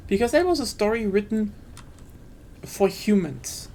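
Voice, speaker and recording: A woman's voice: medium pitch, lively intonation, unhurried, mellow, slight background noise. A woman streaming a game, ranting casually and enthusiastically, with frequent swearing and fillers.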